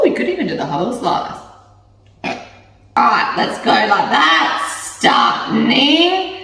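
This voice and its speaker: A woman's voice: sits high, fairly bright tone. A woman chatting casually through a home cooking vlog, self-mocking and laughing often. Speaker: cooking vlogger. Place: home kitchen. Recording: echoey kitchen, mic at a distance.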